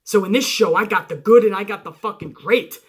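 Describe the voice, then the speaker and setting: A man hosting a wrestling review show, recapping matches in an excited, casual way, swearing often and acting out quotes. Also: high-pitched, fairly quick, breathy edge.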